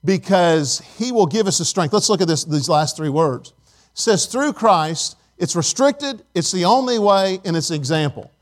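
A middle-aged man preaching a sermon, swinging between loud emphasis and soft, hushed asides. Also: high-pitched, expressive, moderate pace. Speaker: pastor.

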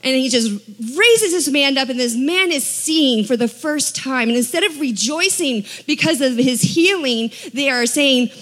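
A woman preaching a sermon in a conversational, animated way, acting out the people she quotes. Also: high-pitched, unhurried, hardly any pauses. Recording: long hall reverb.

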